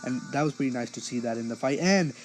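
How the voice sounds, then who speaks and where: A man's voice: mid-range voice, fast, slight background noise, poor audio. A man giving a casual spoken episode review, rambling along with many fillers and restarts.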